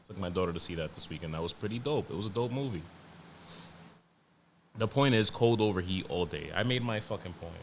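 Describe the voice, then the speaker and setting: A New York man with a deep voice hosts a solo podcast on a very noisy recording, speaking a little fast and animatedly. He rants casually and emphatically, swearing, repeating himself often and restarting sentences.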